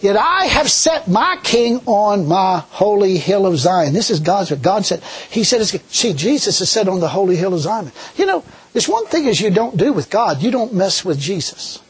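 A man preaching a sermon in a folksy, animated way, full of rhetorical questions. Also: high-pitched, normal speed, hardly any pauses, breathy edge.

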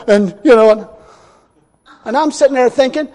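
A man with a notably high voice preaches a blunt, folksy sermon, swinging from quiet asides to loud outbursts. His voice carries a long reverb, as if in a large church sanctuary. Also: normal speed. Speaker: pastor.

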